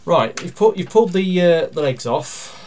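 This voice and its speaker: A man giving a casual toy review. He talks through each step while handling the toy, pausing and using fillers, and grumbles dryly about its flaws. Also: high-pitched. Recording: steady background noise with plastic clicks.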